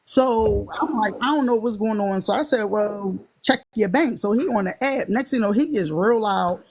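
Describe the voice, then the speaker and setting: A woman with a Philadelphia accent, animatedly telling a funny dating story in casual chat and acting out the quotes. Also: normal speed. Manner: animated, acts out quotes in higher voices.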